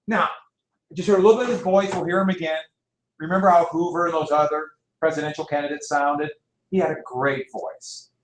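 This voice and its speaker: A man lecturing on history in a lively storytelling way, acting out quotes as he goes. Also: a little high, brisk, slight background noise. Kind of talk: classroom lecture. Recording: echoey room, mic far off.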